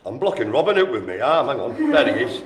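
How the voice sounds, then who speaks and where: A man hosting a live-streamed bingo game, jokey and chatty, calling out names and often addressing the audience as ladies and gentlemen. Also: mid-range voice, very animated, quick pace, a little hiss or hum. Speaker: bingo host. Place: indoor room at a care home. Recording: roomy with faint ambience.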